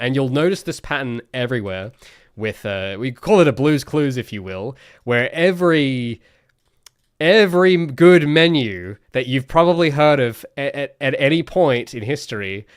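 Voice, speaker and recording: A young man who develops games solo talks through interface design on a livestream, rambling loosely with lots of restarts and fillers. His voice is medium-pitched and a bit bright, and the studio recording is clean with no echo.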